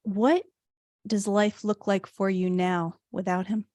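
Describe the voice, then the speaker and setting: Woman interviewer, slow and mellow, dry close sound. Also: medium pitch, little pitch movement, no room sound. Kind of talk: interview questions.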